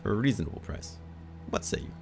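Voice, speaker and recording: A man's voice: on the low side, wildly swooping pitch, fast, creaky, background noise, heavily acted. A man voicing a burly Russian-accented thug who is menacing with false friendliness. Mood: mocking. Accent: Russian, put on.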